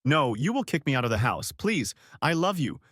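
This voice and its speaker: A man's voice: mid-range voice, very animated, moderate pace, a bit bright, no echo, studio quality, pitched above the performer's own voice. A man reading the lines of a young woman who pleads and sobs to her boyfriend, in a storybook narration. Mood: pleading. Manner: pleading, sobbing.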